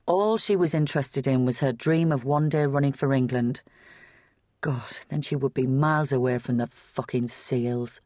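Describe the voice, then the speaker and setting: An audiobook narrator reading a gritty novel in a steady, matter-of-fact storytelling manner on a close studio mic. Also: mid-range voice, no echo. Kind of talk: scripted narration.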